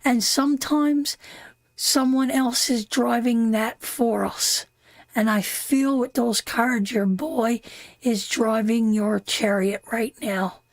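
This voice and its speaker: Slow, heartfelt woman reading tarot. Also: a little high, steady tone, dry recording. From Canada. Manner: emotional, heartfelt, repeats phrases for emphasis. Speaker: tarot reader hosting a live stream. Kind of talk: live tarot reading, talking to viewers.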